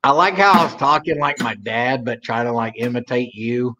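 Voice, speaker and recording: A man's voice: mid-range voice, normal speed, sharp tone, slight background noise. A man from Oklahoma co-hosting a livestream, chatting casually in a rambling, drawling way. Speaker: livestream co-host. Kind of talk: casual chat.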